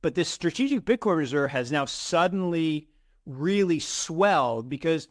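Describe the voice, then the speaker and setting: A middle-aged man co-hosting an investing show, chatting in an animated way with many restarts and repeated words. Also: on the high side, measured pace, no echo, studio quality. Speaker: co-host of a crypto investing show. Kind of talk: casual conversational commentary.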